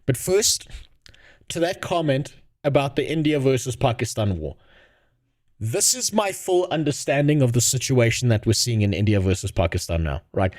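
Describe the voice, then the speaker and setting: A man's voice: mid-range voice, very animated, normal speed, darkish tone. A man ranting sarcastically and with a lot of swearing while streaming. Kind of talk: casual live-stream commentary.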